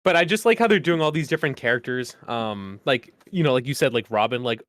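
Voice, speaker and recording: Here a man co-hosts a podcast, talking fast and expressively in a loose, rambling way full of fillers and false starts. His mid-range voice has a fairly bright tone, captured dry at studio quality.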